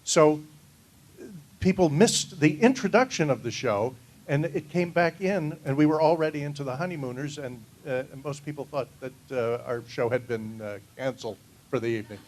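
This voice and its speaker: A man on a convention panel recalling past events in a dry, deadpan, teasing way. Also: a little high, normal speed, rough recording. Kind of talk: anecdotal panel talk.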